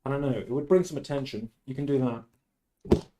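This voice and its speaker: A man hosting a casual game livestream, talking theatrically and swinging from loud outbursts to mock-tender murmurs. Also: medium pitch, moderate pace, heavy background noise. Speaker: livestream host. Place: at home.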